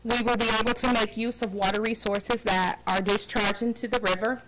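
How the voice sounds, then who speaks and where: A woman on city staff giving a steady, official briefing on a proposal to the council. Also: on the high side, a little fast, crowd noise, low-quality recording. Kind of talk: staff presentation. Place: council chamber.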